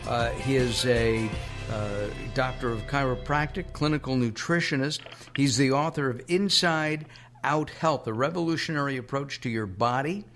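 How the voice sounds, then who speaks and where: A middle-aged radio host from Southern California talks in a chatty, joking way, with a string of uhs between his thoughts. His voice sits at a middle pitch. Faint music plays under him. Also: normal speed, fairly bright tone. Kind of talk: casual radio talk show chat.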